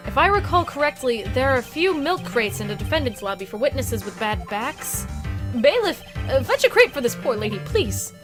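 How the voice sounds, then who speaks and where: A woman's voice: high-pitched, very animated, normal speed, music in the background. A woman reading the lines of an earnest young male defense attorney from a video game, in a formal questioning manner. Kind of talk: game dialogue read aloud.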